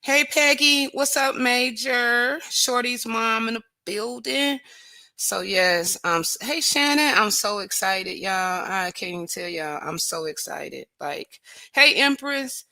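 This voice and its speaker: A woman's voice: a little high, expressive, slow pace, pushed and bright, dry recording. A woman hosting a casual livestream, greeting viewers by name and praising God often. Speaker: livestream host.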